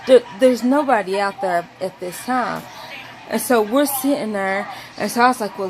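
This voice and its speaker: A woman telling a rambling story to camera, acting out quotes in a high voice. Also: background noise. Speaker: vlogger.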